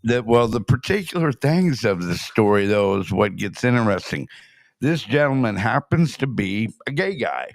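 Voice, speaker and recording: A man's voice: fairly low pitch, very animated, moderate pace, creaky, no room sound, clean studio sound. A man hosting a show, chatting casually and explaining a played story, with some swearing. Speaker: host reacting to a clip. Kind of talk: casual commentary.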